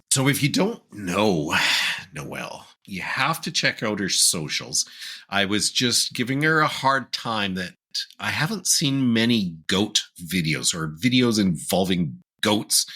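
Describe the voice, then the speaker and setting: Low husky man with lively delivery. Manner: teasing, jokey, laughs often. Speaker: podcast host. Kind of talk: casual interview chat.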